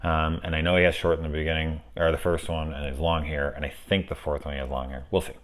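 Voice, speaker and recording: A man casually talking through a spoiler film review, rambling and profane, with animated asides. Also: very deep voice, quick pace.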